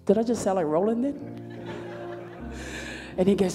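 A woman's voice: medium pitch, slow pace, faint music behind. A woman hosting a church service, telling a joke and giving announcements with playful banter to the audience. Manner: lively storyteller with audience banter. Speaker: church program emcee. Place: church hall. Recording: hall reverb, live church sound.

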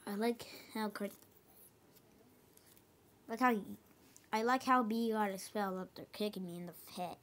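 A woman talking softly and casually while making a home-made cartoon. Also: medium pitch, moderate pace, pauses often.

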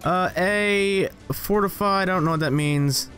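High-voiced, rambling young man gaming. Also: unhurried, soft background music. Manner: rambling, self-mocking, jumps to high excited yelps. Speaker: gaming channel host. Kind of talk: casual gameplay commentary.

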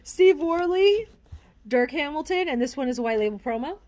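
A woman hosting a record store vlog, excitedly announcing each record as she shows it. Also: high-pitched, moderate pace. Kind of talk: casual chat while showing records.

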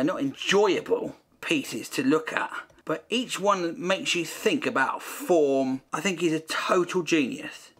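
A man's voice: mid-range voice, fairly bright tone. A man hosting a comic paint-along video, talking in a dry, joking way and making jokey asides to himself. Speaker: host painting a copy of a famous artwork.

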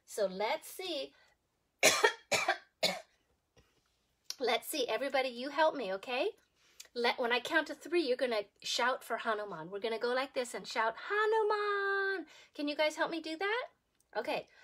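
A woman preschool teacher telling a story to young children, animated and sing-song, asking them questions as she goes. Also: a little high. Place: home.

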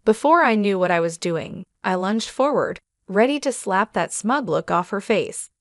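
A woman reading a scripted first-person drama as narrator, in a steady, even way. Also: medium pitch, moderate pace, no echo, clean studio sound.

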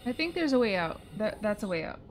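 A woman's voice: medium pitch, big pitch swings, fast talker, noisy background. A woman casually co-hosting a game stream, joking and pointing out where to go. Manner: playful, giving directions and joking. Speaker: gaming co-host. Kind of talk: casual gameplay commentary.

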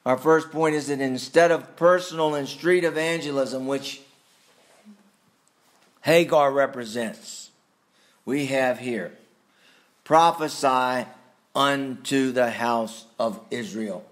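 A man preaching a sermon, slow and deliberate, with sudden emphatic rises and quiet asides. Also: medium pitch. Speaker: pastor.

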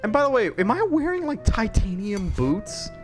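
A woman's voice: medium pitch, big pitch swings, normal speed. A woman giving commentary on a horror game, muttering to herself and screaming at it when chased. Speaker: gamer. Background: game music.

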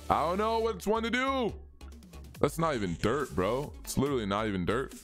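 A man's voice: mid-range voice, animated, fairly quick, fairly bright tone, soft background music. A young man streaming a racing game live, chatting casually and answering viewers' chat as he plays.

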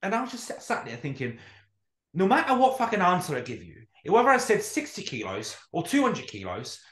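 A man chats casually on a podcast and tells stories with lots of swearing, acting out the people in them. His pitch swings widely as he talks. The room gives his voice a noticeable echo. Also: fairly quick. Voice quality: animated storyteller, swears freely, acts out quotes. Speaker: podcast co-host. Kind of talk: casual chat. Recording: roomy echo.

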